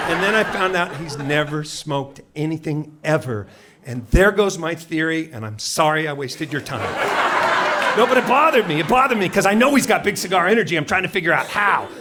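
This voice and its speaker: Brash stand-up comic with a high voice. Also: male voice, lively intonation, a little fast. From Seattle, USA. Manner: brash, mock-indignant, punchy rhetorical questions. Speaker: stand-up comedian. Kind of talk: stand-up comedy set. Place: comedy club stage before a live audience. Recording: loud crowd laughter and room noise.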